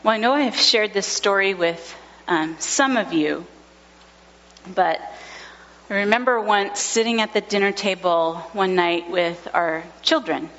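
A woman in her thirties, a pastor giving a sermon, telling a family story with gentle humor. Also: mid-range voice, measured pace. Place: church sanctuary. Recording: lo-fi recording in a large reverberant church.

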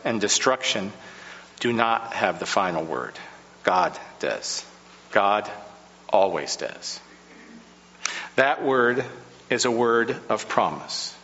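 A man delivering a sermon in a slow, measured preaching style with dramatic pauses. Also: mid-range voice, fairly bright tone, long reverb tail, lo-fi sound, slight background noise.

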